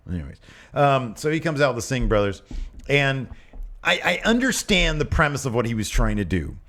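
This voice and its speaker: A young adult man from the United States co-hosting a casual wrestling review podcast, animated and jokey, slipping into quick put-on voices. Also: medium pitch. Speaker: podcast co-host.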